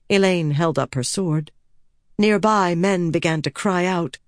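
An audiobook narrator with a low female voice reads a scripted story a little slowly. The recording is dry, with clean studio sound.

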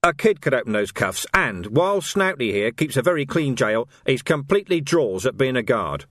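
A man reading an audiobook, voicing a tough, gruff male police sergeant who talks firmly and bluntly. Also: mid-range voice, big pitch swings, normal speed, fairly bright tone, no echo, studio quality. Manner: firm and blunt.

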